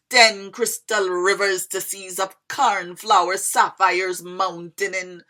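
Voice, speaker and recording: A woman's voice: fairly low pitch, bright, forceful tone. A woman reciting her own poem in a lyrical, sing-song way, drifting into a Jamaican lilt and lingering on line endings.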